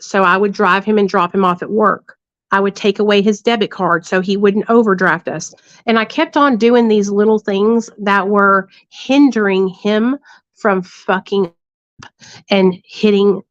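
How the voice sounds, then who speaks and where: A woman's voice: medium pitch, dry recording. Blunt, profane woman storyteller. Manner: blunt and profane, lots of tag questions. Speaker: livestream host. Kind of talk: candid storytelling to a live audience. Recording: dull lo-fi dry sound.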